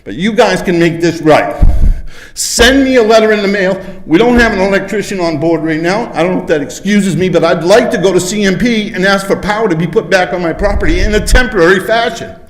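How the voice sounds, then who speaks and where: A man's voice: high-pitched, brisk. A man giving an emotional public comment at a council podium, pleading and frustrated. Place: council chambers. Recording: echoey hall.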